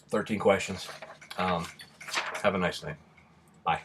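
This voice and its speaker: A man's voice: low voice, fairly even intonation, unhurried, noisy background. A man from Rhode Island with a slight Southern drawl chats casually and bluntly, answering questions with lots of ums. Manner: rambling and blunt, with many ums. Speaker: vlogger.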